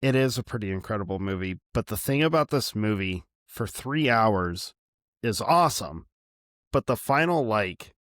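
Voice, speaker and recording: A man's voice: on the low side, normal speed, dry recording. Chatty podcast guy, dry close sound. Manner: animated, laughs often, talks in long run-on thoughts. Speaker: podcast co-host. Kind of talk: casual chat.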